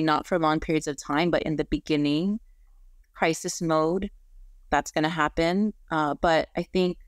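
Therapist guest, woman, low register, dry close mic, earnest explainer with "right?" tags. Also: smooth, dry recording. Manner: frequent "right?" tag questions, earnest and explanatory. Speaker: marriage and family therapist, guest. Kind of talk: conversational interview.

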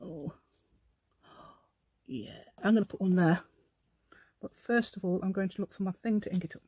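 A woman's voice: mid-range voice, normal speed, warm tone, husky, no room sound. A woman hosting a casual crafting tutorial at her craft table at home, thinking aloud and asking the viewer questions as she works. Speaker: craft channel host.

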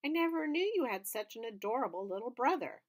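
A woman's voice: on the high side, sing-song, brisk, pitched above the performer's own voice. A woman voicing a friendly, confident schoolgirl in a read-aloud storybook.

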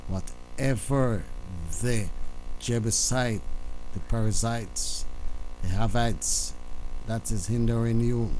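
A man's voice: mid-range voice, a little mellow, a little hiss or hum, poor audio. Man hosting a gospel radio show. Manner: repeats phrases, slow deliberate announcements. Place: radio studio.

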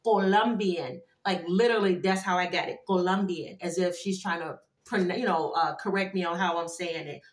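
A woman doing a casual tarot card reading for her viewers, animated and chatty, with frequent exclamations. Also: lowish voice, fairly quick, hardly any pauses. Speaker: tarot reader. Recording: echoey room.

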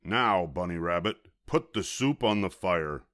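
A man's voice: low-pitched, expressive, measured pace, fairly bright tone, dry recording, studio quality. A man voicing a grumpy, bossy male varmint who snarls and growls his orders, in a storybook reading.

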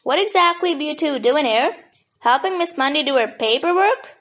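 Woman voicing a young porter, West Country accent, shy, eager, a bit high, storybook. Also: animated, moderate pace, fairly bright tone. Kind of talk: audiobook character voice.

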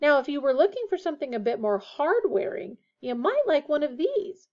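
A woman voicing a gruff middle-aged shop witch who talks bluntly and loudly. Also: sits high, very animated, moderate pace, pitched above the performer's own voice. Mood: brusque. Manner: brusque, blunt. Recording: dull lo-fi recording.

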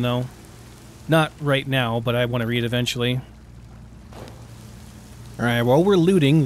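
A man's voice: medium pitch, moderate pace, long pauses, a little hiss or hum. A man casually commenting on his game and reading in-game books aloud. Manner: relaxed, chatty while looting. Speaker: gameplay video host.

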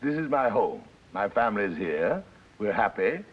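A man's voice: on the low side, sing-song, moderate pace, slightly rough. A man playing a mild, plainspoken older grandfather in a 1950s film. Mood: firm. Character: proud retired-age grandfather, gentle and firm. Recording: dull old film soundtrack.

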